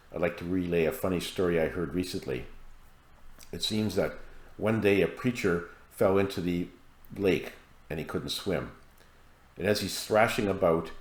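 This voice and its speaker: A man with a very low voice tells his audience a story in a calm, measured monologue, now and then stopping on a filler. The sound is roomy, with echo around him. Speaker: author and hypnosis practitioner. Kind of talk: monologue to camera.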